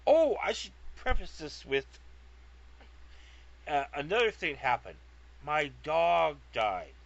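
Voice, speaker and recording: A man's voice: a little high, sing-song, slow, gravelly. A man from California telling a rambling, comic story, digressive, profane and self-mocking, recorded on a lo-fi track. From California, USA. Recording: lo-fi dull sound.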